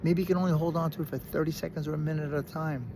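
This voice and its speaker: A man with a Brooklyn accent telling a personal story in a casual, animated way, often restarting and repeating words. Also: fairly high pitch, racing, background noise. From Brooklyn, New York. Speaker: recovery speaker.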